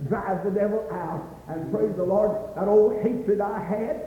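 A man preaching a fervent revival sermon, crying out praise, repeating "my dear friend," and rising into shouts. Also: high voice. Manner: rises into shouts and slows for emphasis. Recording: dull, echoey hall recording.

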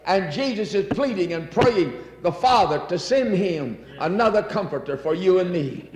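A fervent male preacher with a high voice delivers a sermon, repeating his phrases and reading scripture aloud. His voice rings through a large hall with a long, echoing tail. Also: lively intonation, moderate pace, hardly any pauses, a little hiss or hum. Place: church. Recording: echoey hall.

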